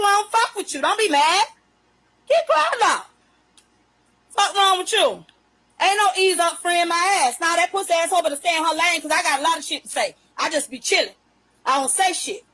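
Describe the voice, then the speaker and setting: Speaking in a very high, bright, forceful voice, a woman rants on her phone livestream, and the recording sounds rough. The rant is unscripted, profane and combative, with her emphatic phrases pulled long.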